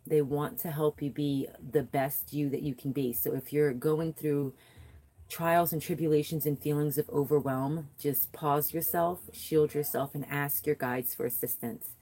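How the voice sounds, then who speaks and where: A woman hosting a spiritual reading, guiding a soft meditation and then chatting warmly to viewers. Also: low voice, fairly even intonation, poor audio. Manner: soothing and slow, repeating affirmations; chatty and encouraging, greeting viewers by name. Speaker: spiritual reader and host. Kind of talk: guided meditation and tarot reading on a livestream.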